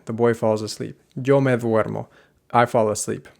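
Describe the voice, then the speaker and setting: A man teaching a language lesson, explaining grammar clearly and step by step and slowing down for example sentences. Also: mid-range voice, a little mellow.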